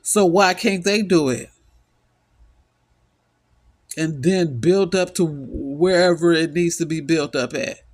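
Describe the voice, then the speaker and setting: Weary, emphatic middle-aged man, slow delivery. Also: on the high side. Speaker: vlogger. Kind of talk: impassioned solo monologue.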